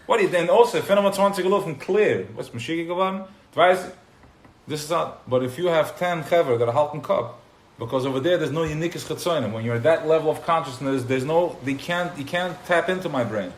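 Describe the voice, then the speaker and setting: A man giving an informal live class to a small group, who gets worked up and loud, then drops into quiet asides. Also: fairly high pitch, fast. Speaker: teacher of a class. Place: room with a small live audience. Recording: roomy live recording with faint noise.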